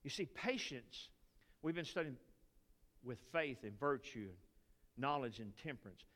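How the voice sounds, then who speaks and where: Older texan preacher, chatty sermon, keeps asking are you with me, echoey church. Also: male voice, medium pitch, lively intonation, a little slow, fairly bright tone. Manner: conversational preaching with frequent "are you with me" asides. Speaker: pastor. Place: church sanctuary. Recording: reverberant church hall with faint music.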